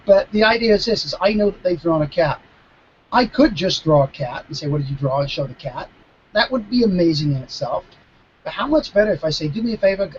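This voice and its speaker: A man in his fifties talks with a high-set voice, building his points with emphatic, animated storytelling and quick restarts. The sound comes over a muffled video call with a faint hiss underneath. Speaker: mentalist guest. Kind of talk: live video Q&A, conversational explanation.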